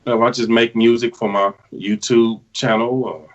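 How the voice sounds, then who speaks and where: A man as a guest on a call, relaxed and giving short replies. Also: mid-range voice, moderate pace, highs cut off. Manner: laid-back, short replies. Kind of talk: casual video call chat.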